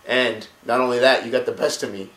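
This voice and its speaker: A man's voice: medium pitch, steady tone, a little fast, a bit bright, roomy sound, close to an everyday voice, low-quality recording. A man voicing a veteran male orc warchief who speaks bluntly and approvingly. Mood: earnest.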